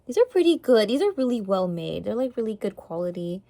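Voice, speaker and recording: A young woman chatting casually in an unboxing vlog, gasping and gushing excitedly. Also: mid-range voice, a little fast, dry recording. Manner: gushing, gasping, excited over cute toys. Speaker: vlogger.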